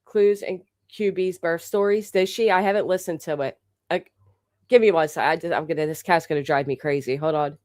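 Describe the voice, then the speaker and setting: Her voice low and darkish, a woman runs a casual livestream a little fast, cursing freely, rambling, and starting sentences over repeatedly. She reads thanks to chat members despite a slightly sore throat, and the audio is dry and close, with no echo.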